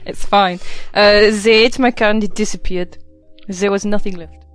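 A woman's voice: medium pitch, fairly even intonation, moderate pace, no room sound, soft background music. A giggly woman playing in a casual tabletop role-playing game. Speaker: player.

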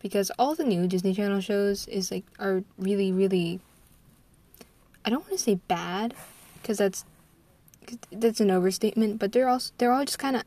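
An American teenage girl vlogs in a medium-pitched, darkish voice, rambling in a scatterbrained way. She trails off, starts over and giggles between thoughts, and the recording has no echo.

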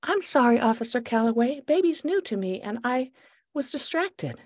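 Woman playing a flustered young woman, high-pitched, loud, pleading. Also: very animated, normal speed, no echo, clean studio sound.

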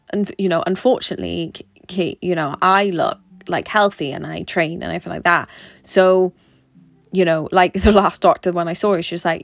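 A woman's voice: on the low side, fairly even intonation, moderate pace, gravelly, no echo. A young woman, talking frankly and swearing freely in a casual vlog monologue. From Britain. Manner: chatty, swears a lot, frank. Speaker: vlogger.

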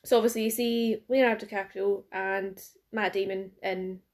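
A woman's voice: medium pitch, steady tone, moderate pace, a little mellow. A young woman, co-hosting a podcast in casual, teasing chat. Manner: chatty, teasing, laughs often. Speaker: podcast co-host.

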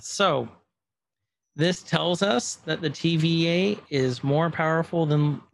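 Gravelly man recapping a show. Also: on the high side, slow. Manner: acts out dialogue quotes. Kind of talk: casual recap chat.

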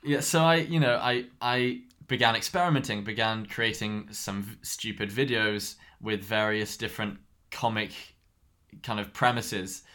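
A man telling a story in casual podcast chat, animated and laughing often. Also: on the low side, measured pace. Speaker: podcast co-host.

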